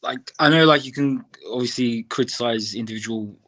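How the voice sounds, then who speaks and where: Casual hesitant caller. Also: male voice, medium pitch, normal speed, a bit bright. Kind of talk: call-in chat.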